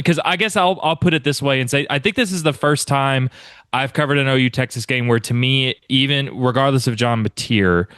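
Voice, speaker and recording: A man's voice: mid-range voice, a bit bright, no room sound. A man hosting a casual sports podcast, asking long, rambling questions. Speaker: podcast host.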